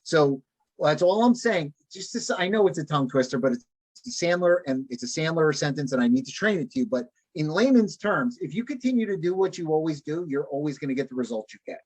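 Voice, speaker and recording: A man with a fairly high speaking voice runs a live sales training over a video call. He drives his points home through repetition and keeps checking that the group follows along. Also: expressive, a little fast, a little mellow, slightly rough.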